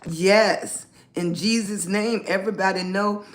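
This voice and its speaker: Woman, lifestyle livestream host, unhurried delivery, cheerful affirmations, greets viewers one by one. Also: on the high side, lively intonation. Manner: motivational, speaks positive affirmations. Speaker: lifestyle blogger hosting a livestream. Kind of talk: casual live-stream chat.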